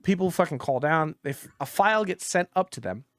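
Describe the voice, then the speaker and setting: A man co-hosting a gaming podcast, telling a story in casual chat, exasperated and profane, dropping low when he quotes others. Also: animated, fairly quick, no room sound, clean studio sound.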